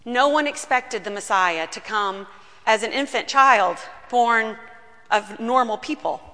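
A woman pastor preaching a sermon in a church, telling the story earnestly and slowing down on key words. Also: on the high side, animated, sharp tone. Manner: earnest storytelling, slows down for emphasis. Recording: long reverb of a large room.

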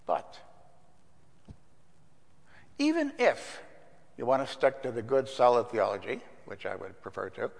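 An older man gives a conversational sermon, mixing stories with scripture in an everyday, mid-pitched voice. His words echo with a long church reverb. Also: huge pitch swings, a little slow, creaky, long pauses. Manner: conversational, anecdotal, with fillers. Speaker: pastor.

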